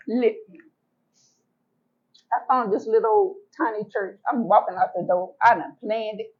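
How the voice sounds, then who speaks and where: A woman telling her own story as an interview guest, animated and emphatic, repeating words for effect and acting out what she said back then. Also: medium pitch, a little slow, long pauses, slightly rough, dull audio. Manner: colloquial, acts out her own past words. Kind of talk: emotional personal storytelling.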